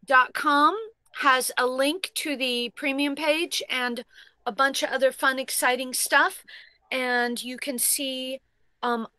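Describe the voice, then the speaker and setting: A woman's voice: high-pitched, sharp tone, dry recording. A woman co-hosting a casual show, reading out tips with upbeat thanks and dry comebacks. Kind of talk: casual chat.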